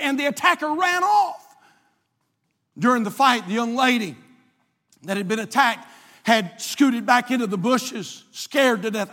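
A man preaching a sermon with passion, repeating his phrases and swinging between loud and soft. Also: extremely high pitch. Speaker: pastor. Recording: long hall reverb.

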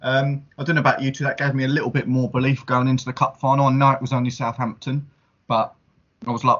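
A man's voice: medium pitch, flat delivery, quick pace, a bit bright, lo-fi sound. A man hosting a podcast, easygoing and steering the talk over a home mic on a call. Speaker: podcast host. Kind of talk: casual chat.

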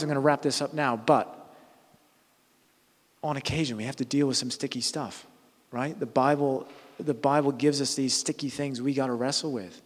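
A man's voice: medium pitch, in a large hall. A man preaching a conversational sermon, earnest, often restarting and correcting himself mid-sentence.

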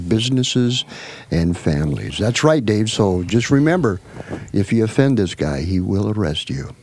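Lively low-voiced male host. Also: a little hiss or hum. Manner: lively, quick to laugh along. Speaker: podcast host. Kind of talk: casual chat.

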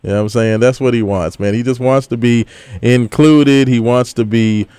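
A man's voice: medium pitch, fairly even intonation, normal speed, warm tone, clean tone, dry recording. Laid-back man in casual sports banter. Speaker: sports podcast co-host. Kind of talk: casual chat.

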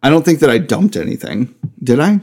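A man's voice: on the high side, very animated, a little fast, a little mellow. A man co-hosting a podcast in casual chat, enthusiastic and swearing freely. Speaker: podcast co-host.

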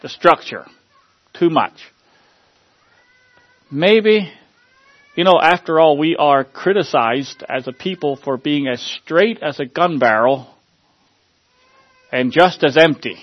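Earnest halting male pastor. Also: a little high, dry recording, muffled recording. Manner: earnest, halting, repeats words with many uh fillers. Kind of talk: sermon with opening prayer.

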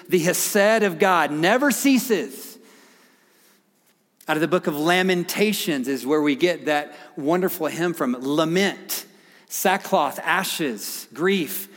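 A man preaching a sermon as pastor, reading scripture with dramatic swings from loud appeals to hushed whispers. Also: on the high side, takes it slowly. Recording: long hall reverb.

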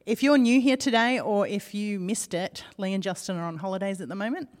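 An Australian woman preaching a sermon in a large church auditorium, measured and steady as she prays and teaches. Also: medium pitch. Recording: long church hall reverb.

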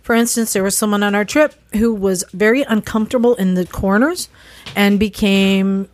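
A woman's voice: mid-range voice, no echo. Casual-talking woman host. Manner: gives advice plainly, quick interjections. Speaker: podcast host and ride leader. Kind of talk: casual chat.

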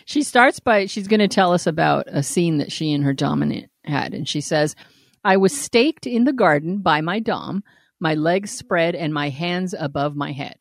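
A woman co-hosting a casual podcast, reading listener letters aloud and laughing often in a blunt, animated way. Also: low-pitched, normal speed, gravelly, no room sound, studio quality. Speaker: podcast co-host.

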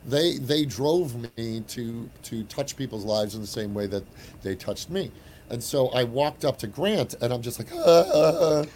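A man in his forties, an actor telling an anecdote in casual chat, animated with frequent restarts. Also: mid-range voice, normal speed, a little hiss or hum. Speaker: actor and guest.

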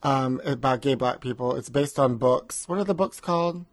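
A man's voice: medium pitch, moderate pace, no room sound. A man co-hosting a comedy podcast from home, chatting in a campy, gossipy way and calling his co-host honey. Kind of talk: casual comedic chat. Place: recording remotely.

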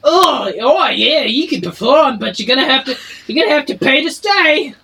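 Man putting on a loud raspy dwarf innkeeper. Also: very high voice, big pitch swings, voice pushed up, full character voice, rough recording. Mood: startled gruff. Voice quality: slightly raspy. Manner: loud, bossy, hurried. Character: stocky gruff male dwarf innkeeper. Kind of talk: tabletop role-play voicing.

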